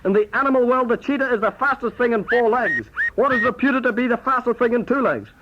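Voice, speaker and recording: A Northern Irish man hosts a mock quiz in a brisk, formal manner. His voice is high and bright. It comes off a dull, faintly hissing old cassette. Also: lively intonation. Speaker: comic quizmaster. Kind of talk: comic sketch on tape.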